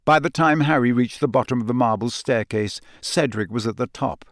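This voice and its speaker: A man narrates a story in a steady, measured way, his voice sitting in a comfortable middle pitch. The recording is close and completely dry, with no room sound around it. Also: no room sound. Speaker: audiobook narrator. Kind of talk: scripted narration.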